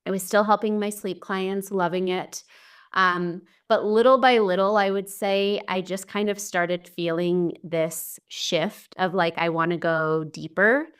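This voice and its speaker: A woman's voice: medium pitch, steady tone, unhurried, clear, resonant tone. A young adult woman, a guest on a podcast, talking earnestly in casual conversation with many fillers. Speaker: podcast guest, mom coach. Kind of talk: casual interview chat.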